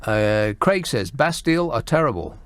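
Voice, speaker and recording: A man hosting a radio phone-in, sardonic and quick as he reads out listeners' messages and banters with callers. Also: medium pitch, big pitch swings, no echo.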